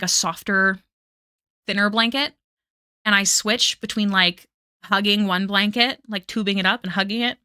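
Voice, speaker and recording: A woman's voice: mid-range voice, bright, forceful tone, dry recording, clean studio sound. A young woman chatting casually with her stream while she draws, rambling and self-deprecating as she reads chat aloud at night. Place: home room at night. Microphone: desk mic.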